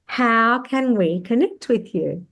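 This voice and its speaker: A woman, hosting a podcast interview, effusive and quick to affirm her guest. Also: fairly high pitch, lively intonation, creaky, a bit bright. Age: 50s. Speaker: podcast host. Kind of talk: interview conversation.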